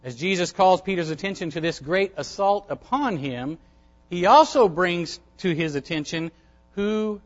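A male pastor delivers a sermon in a high voice, stressing his points by repeating key phrases. The recording is dull and lo-fi, with the top end rolled off. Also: lively intonation, measured pace.

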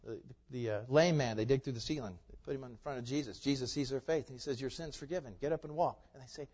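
A man's voice: medium pitch, fast. Man preaching in a reverberant sanctuary. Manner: swings from quiet asides to loud, forceful proclamation. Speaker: pastor. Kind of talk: sermon. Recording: muffled sound with long hall reverb.

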